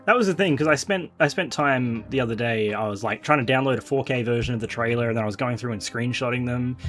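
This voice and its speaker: A man hosting a casual chat, talking excitedly with many fillers and restarts. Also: mid-range voice, fast, faint music behind. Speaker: podcast host.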